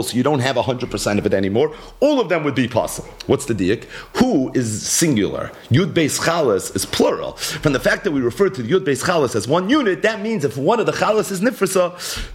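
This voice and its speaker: A man teaching a Gemara lesson, explaining the argument animatedly in English mixed with Hebrew and Aramaic terms. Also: mid-range voice. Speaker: Talmud teacher.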